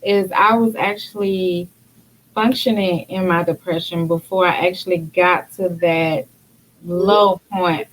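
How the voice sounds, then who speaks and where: A woman's voice: fairly low pitch, fairly even intonation, a little slow, slight background noise, rough recording. A woman hosting a talk show, candidly and reflectively sharing her own experience in casual conversation. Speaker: podcast host.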